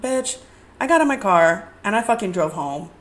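A woman's voice: medium pitch, lively intonation, moderate pace. A young woman hosting a podcast, telling dating stories in a candid, profane, rambling way with lots of "like". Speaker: podcast host. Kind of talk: casual storytelling podcast.

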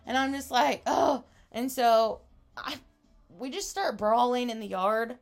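A woman's voice: on the high side, a little slow, soft background music. A woman in her twenties telling a wild story in casual chat, laughing often and acting out what people said. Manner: animated, laughing, acts out quotes. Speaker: podcast co-host.

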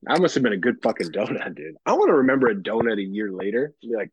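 A man's voice: fairly low pitch, very animated, fast talker, husky, no room sound. A man in his thirties, co-hosting a casual podcast chat, telling stories animatedly with lots of laughter and casual swearing. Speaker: podcast co-host. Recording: dull, lo-fi dry sound.

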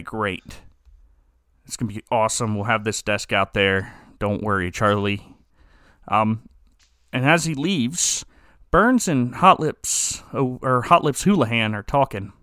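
A man's voice: mid-range voice, a bit bright, dry recording, studio quality. A man hosting a podcast, casually recapping an episode in a rambling, joking way with many restarts. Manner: rambling, joking, self-correcting. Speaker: podcast host.

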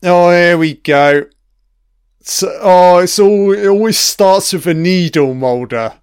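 Guy doing a laid-back tv commentary, swears a lot, slow smooth voice, dry close sound. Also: sits high, no room sound. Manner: swears freely, chatty, laughs often. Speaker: TV episode commentator. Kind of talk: casual audio commentary.

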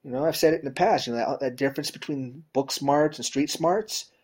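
A man preaching in a relaxed, conversational way, his voice a little husky and his pitch sitting in a middle range. He talks directly to the congregation, often checking in with "you know?" and "right?", and pushes key words louder and higher for emphasis. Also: brisk. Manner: emphatic swings in pitch and loudness. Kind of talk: conversational sermon.

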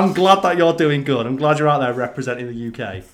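A man's voice: fairly high pitch, a little fast. A man in casual podcast chat, telling stories with enthusiasm and plenty of swearing.

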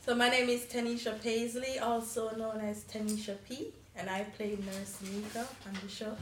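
A woman's voice: on the high side, little pitch movement, normal speed. A woman from Jamaica with a Jamaican accent, an actress talking easily about her background as a podcast guest. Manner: easygoing, telling her background. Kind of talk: casual interview chat. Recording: roomy, distant mic with faint noise.

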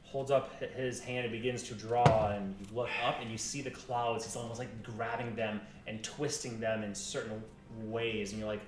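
A man narrating as game master in a rambling, lively way with many restarts. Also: fairly low pitch, normal speed, hardly any pauses, music in the background. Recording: echoey room, mic far off.

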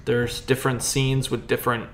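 A man's voice: mid-range voice, flat delivery, moderate pace, slight background noise. A man in a casual movie review chat, rambling and profane, often restarting his sentences.

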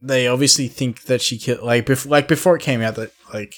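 A man's voice: mid-range voice, steady tone, brisk. A young man co-hosting a podcast, chatting casually with hesitations. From Australia. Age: young adult. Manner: hesitant, with fillers and restarts. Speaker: podcast co-host. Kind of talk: casual chat.

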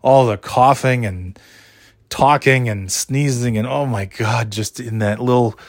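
A middle-aged man hosts a casual solo podcast in a mid-range voice, his tone steady and his pace unhurried, with no room sound. He rambles, jokes at his own expense and swears casually. His throat is still scratchy from being sick.

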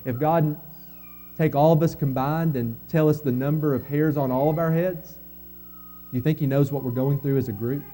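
A man's voice: a little high, fairly even intonation, moderate pace. Earnest male pastor preaching a sermon. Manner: earnest, rising to emphatic quotes then dropping soft. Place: church sanctuary.

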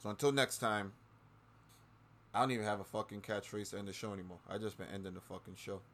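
A man's voice: fairly even intonation, fast talker, slight background noise. A man hosting his own show, ranting angrily with constant swearing and repeating lines for emphasis. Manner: swings between low mutters and loud outbursts. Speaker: podcast host. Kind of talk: profane political rant.

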